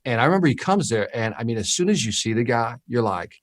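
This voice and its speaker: Animated storyteller man from Chicago. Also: medium pitch, fast, no room sound, studio quality. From Chicago, USA. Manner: animated storyteller, frequent "right?" check-ins. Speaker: podcast co-host. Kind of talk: casual storytelling chat.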